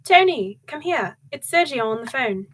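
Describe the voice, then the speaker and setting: A woman's voice: sits high, lively intonation, brisk, fairly bright tone, pitched above the performer's own voice. A woman doing a fussing, doting mother with a British lilt. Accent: put-on British accent. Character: chatty doting middle-aged mother on the phone.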